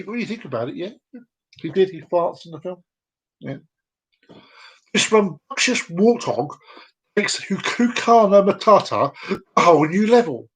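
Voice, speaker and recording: Lively, high-voiced man hosting a vlog. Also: slightly rough. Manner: rambling, jokey, repeats himself. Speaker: vlog host. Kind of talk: casual live-stream fact reading.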